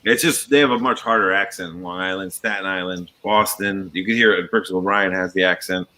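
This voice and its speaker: A man with a slight New York area accent tells loose, rambling stories packed with fillers and little acted-out quotes. His voice sits fairly low but comes across bright and forceful. He sounds like a casual livestream host chatting while he works. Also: fairly even intonation, fairly quick. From coastal Connecticut near New York. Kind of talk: casual chat while building.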